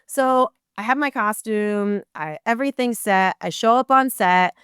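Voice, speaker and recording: A woman guest telling a story in a podcast interview, animated and acting out dialogue with incredulous asides. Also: mid-range voice, measured pace, clear, resonant tone, no room sound, studio quality. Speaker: guest, burlesque performer.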